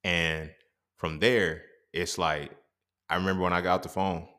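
A young man hosting a podcast, telling a personal story in a profane, animated, slangy monologue. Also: deep voice, normal speed. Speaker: podcast host.

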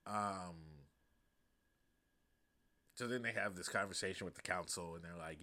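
Bright-voiced man recapping a film. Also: low voice, unhurried, pauses often. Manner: profane, slangy, animated retelling. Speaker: podcast host. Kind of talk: casual comedic movie recap.

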